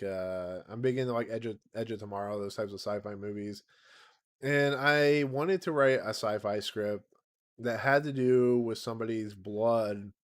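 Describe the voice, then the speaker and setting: A man in his thirties, slightly raspy, rambles through a casual home livestream at a middling pitch. He laughs often and pokes fun at himself as he talks. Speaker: channel host.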